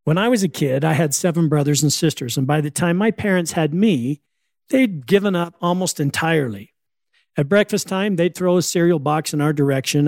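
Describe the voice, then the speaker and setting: A man's voice: on the high side, darkish tone, no echo, clean studio sound. An older man, a grandfather, telling family stories and jokes in a wry, storytelling way. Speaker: speaker on humor.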